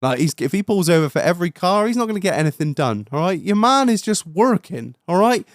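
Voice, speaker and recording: A young British man, a podcast host, telling a story in casual chat, animated, swearing and laughing as he goes. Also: sits high, a little fast, dry recording, studio quality.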